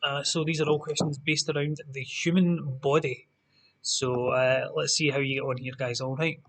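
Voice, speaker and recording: Bright-voiced Scottish quiz host. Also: male voice, mid-range voice, level tone, moderate pace. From Scotland. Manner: chatty, jokey asides to players. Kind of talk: livestream quiz hosting.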